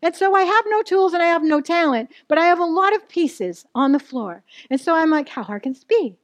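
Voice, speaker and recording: A woman's voice: very high-pitched, animated, fairly quick, no echo, muffled recording. A middle-aged woman preaching a sermon, telling a candid personal story and asking the audience questions. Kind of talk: sermon to a live church audience.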